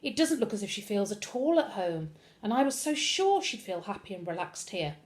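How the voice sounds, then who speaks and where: A woman reading aloud, voicing a solemn, gentle female social worker. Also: mid-range voice, very animated, moderate pace, lightly acted. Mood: regretful.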